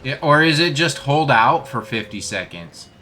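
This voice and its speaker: Bright-voiced male streamer, chatty and self-deprecating, casual gameplay commentary. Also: mid-range voice, lively intonation, normal speed.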